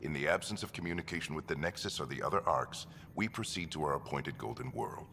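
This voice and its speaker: An actor playing a stern, gruff older expedition commander who lays out protocol with a gravelly voice in a video game. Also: male voice, animated, fast talker, bright, forceful tone, exaggerated voice. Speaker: pathfinder and expedition leader. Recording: reverberant game audio with rumble.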